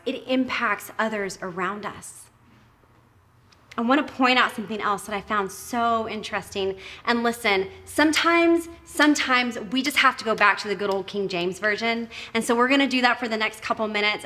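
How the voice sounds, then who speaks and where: A woman from Texas, preaching a sermon with enthusiasm and emphasis, sometimes dropping to a hushed tone. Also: a little high. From Texas, United States. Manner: enthusiastic, emphatic, drops to soft hushed tones.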